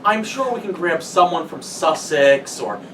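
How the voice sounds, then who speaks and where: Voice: medium pitch, expressive, unhurried, natural voice. A performer playing a weary, rambling school-play organizer in an improv scene, heard from a distance over room noise.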